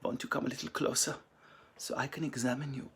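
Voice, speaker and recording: Guy doing a sleazy german smoothie, hushed and slow, heavy german accent. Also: medium pitch, little pitch movement. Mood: leering. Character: leering German man, suave and creepy.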